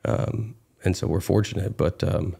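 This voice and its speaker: A man's voice: low voice, steady tone, measured pace, creaky, mellow, husky. A man in his thirties, a guest actor, talking casually in an interview with many fillers and restarts.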